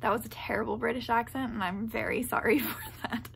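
Casual vlogger: a woman, gushing and rambling, with a gravelly edge and a bright tone. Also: on the high side, steady tone, fairly quick, slight background noise. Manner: rambling and gushing, heavy with "like" fillers; laughs often mid-sentence. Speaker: book vlogger. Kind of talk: casual vlog chat.

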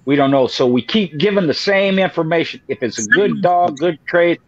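A man co-hosting a podcast, explaining his point in a measured way and repeating it for emphasis. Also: a little high, animated, no echo. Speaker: podcast co-host. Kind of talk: casual talk. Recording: dull lo-fi dry sound.

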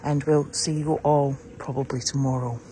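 Strolling the paddocks outdoors on a farm, a chatty, upbeat sanctuary keeper records a casual walk-around vlog on her phone with a slight hiss behind her. She has a rumbling low, mellow voice with little pitch movement, speaking at a normal speed.

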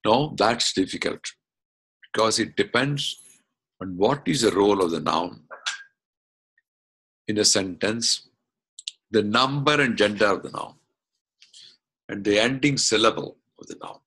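A man teaching an online class, explaining slowly step by step and asking questions as he goes. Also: lowish voice, animated, gravelly, fairly bright tone, slightly rough. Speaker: Sanskrit teacher. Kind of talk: online lesson. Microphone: video call.

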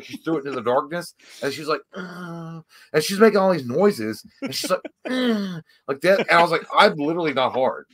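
A man in his thirties telling a rambling, profane story in casual chat and loudly acting out the other people's lines. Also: medium pitch. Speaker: podcast co-host.

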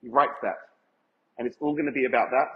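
A male rabbi delivers an emphatic Torah lecture to a live audience in an event hall, putting questions to them. His medium-pitched voice is fairly even in intonation and quick, and the recording is echoey, dull and lo-fi.

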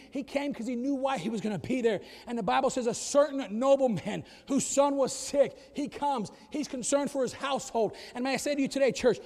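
A middle-aged man preaching a sermon as pastor of his church, swinging from quiet asides to shouted climaxes. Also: extremely high pitch. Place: church sanctuary. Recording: long church hall reverb.

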